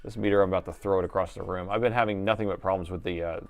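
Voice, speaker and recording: A middle-aged man with a low, fairly even, rapid-fire voice runs a laptop repair live stream from his workshop. He rambles, jokes, and thinks aloud as he works, now and then slipping into an announcer voice.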